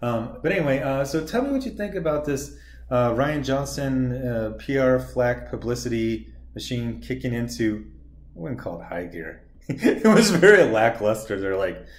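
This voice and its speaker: A man talks through his opinions in a loose, rambling, sarcastic way, the casual commentary of someone who makes comics on the side. His voice sits at an ordinary middle pitch. The room around him rings with a noticeable echo. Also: animated, moderate pace. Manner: sarcastic, rambling, mocks others in put-on quotes. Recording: roomy echo.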